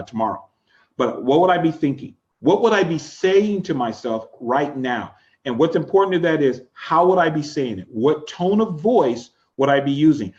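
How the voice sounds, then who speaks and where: Coaching man with dull lo-fi audio. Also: a little high. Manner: coaching, demonstrates vocal tones. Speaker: life coach teaching a class. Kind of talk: online class teaching.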